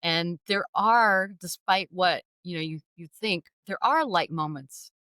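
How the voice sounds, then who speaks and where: A middle-aged woman speaks as an interview guest, sharing a personal story openly and with self-deprecating humor. Her voice sits a little low and stays lively and animated. The sound is close and dry. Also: measured pace, no room sound. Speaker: guest author.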